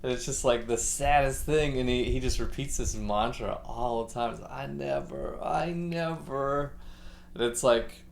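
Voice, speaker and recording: A man's voice: mid-range voice, little pitch movement, normal speed, hardly any pauses. A musician livestreamer, a man, chatting casually and ramblingly while setting up his gear at home. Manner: rambling, laid-back, many fillers. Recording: echoey room with faint background noise.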